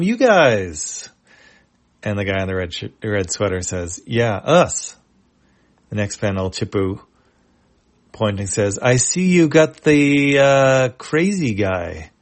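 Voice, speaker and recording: A man reading a webcomic aloud in a casual, halting way, with lots of fillers and restarts. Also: low voice, creaky. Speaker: comic reader.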